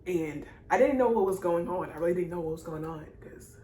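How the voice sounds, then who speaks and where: A young vlogger with a low, dark-toned voice briskly tells her own story to camera, rambling, circling back, and addressing viewers directly. She's emotional, apologizing and laughing through tears, while the room rings with echo over a faint hiss.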